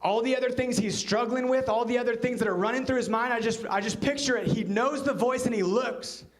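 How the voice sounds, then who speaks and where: With a brisk delivery, a male pastor preaches in church and recounts a story. Quoted lines occasionally come out in a quiet, low voice.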